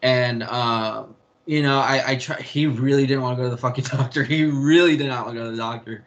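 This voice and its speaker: A man's voice: mid-range voice, steady tone, a little fast, a bit bright, muffled recording. A young man talking candidly in an interview about family, rambling with restarts and the odd swear word. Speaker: interview guest. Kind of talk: candid personal storytelling.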